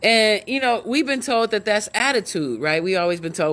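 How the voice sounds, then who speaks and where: A woman, hosting a casual chat and talking in an animated, musing way with expressive hums. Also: mid-range voice, normal speed, few pauses. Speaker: host.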